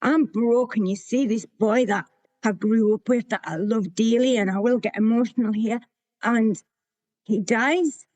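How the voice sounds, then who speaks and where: A woman's voice: fairly high pitch, a little slow, darkish tone, no echo. A woman, telling her own recovery story to a meeting in a candid, plain-spoken way. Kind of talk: sharing a personal recovery story.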